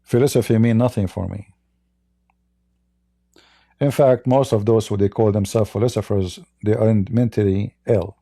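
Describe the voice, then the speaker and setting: A man's voice: fairly low pitch, steady tone, normal speed, creaky, long pauses, dark tone, dry recording. Guy w as ranting on his stream, blunt n mocking, dry close sound. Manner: blunt, mocking, repetitive restarts. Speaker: livestream host. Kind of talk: livestream monologue.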